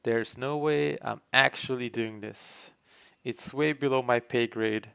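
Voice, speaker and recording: A man's voice: mid-range voice, measured pace, creaky, pushed and bright, smooth, no room sound. A man reading the lines of a grumpy, sarcastic young boy who speaks grudgingly.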